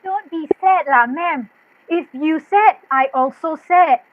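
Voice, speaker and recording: A woman's voice: high-pitched, slow. A woman playing a plucky young Indonesian maid who speaks bluntly, in a staged play reading. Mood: earnest. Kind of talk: staged play reading over video call. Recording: dull muffled video-call audio.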